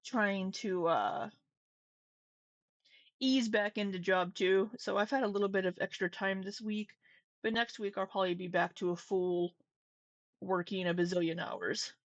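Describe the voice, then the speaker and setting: A woman with a runny nose rambles casually on a live stream from home, greeting viewers and laughing easily. Her medium-pitched voice has fairly even intonation and a slightly slow pace. The dry recording has a slightly dull, lo-fi stream sound.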